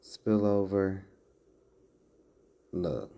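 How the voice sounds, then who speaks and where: A man's voice: deep voice, expressive, very slow, creaky, warm tone. A man giving casual commentary as he reads out a list, breaking off into sarcastic asides and chuckles.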